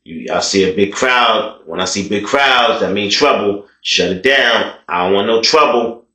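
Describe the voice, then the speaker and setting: Man doing tired gruff guard, curt, slightly low, echoey. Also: a little slow, sharp tone. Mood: weary. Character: weary male prison guard wanting a quiet night. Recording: echoey room.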